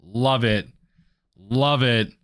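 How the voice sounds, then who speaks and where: Guy narrating his card game, slow drawl, mumbles then yells when it goes well, faint music behind. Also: clean tone. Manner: mutters low then erupts into excited yelling. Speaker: gaming video host. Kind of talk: live card game commentary.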